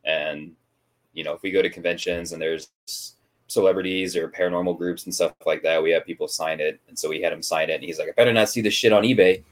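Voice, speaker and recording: A man joining a casual podcast chat with quick, low-key remarks. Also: flat delivery.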